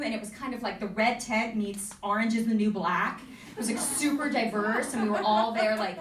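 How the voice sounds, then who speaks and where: A young woman telling a personal story at an event, candid and self-deprecating with quick asides. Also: a little high, bright, forceful tone, a little hiss or hum. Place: event venue with an audience. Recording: echoey room, mic from a distance.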